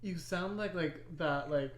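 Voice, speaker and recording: A woman's voice: lowish voice, measured pace. A woman co-hosting a podcast in rambling, teasing casual chat, laughing often. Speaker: podcast co-host.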